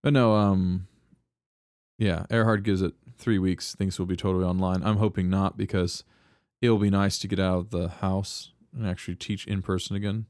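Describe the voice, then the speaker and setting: A man's voice: sits low, level tone, moderate pace, a little mellow, dry recording, studio quality. A man co-hosting a casual podcast, joking, laughing often and telling anecdotes as he chats with friends. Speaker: podcast co-host, history teacher. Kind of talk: casual chat.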